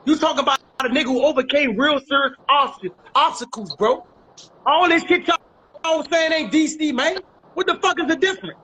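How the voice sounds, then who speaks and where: A man's voice: extremely high pitch, moderate pace, bright, forceful tone, low-quality recording. A man with a Washington, D.C. accent, speaking emphatically as an interview guest, repeating phrases and using heavy street slang. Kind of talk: casual interview talk.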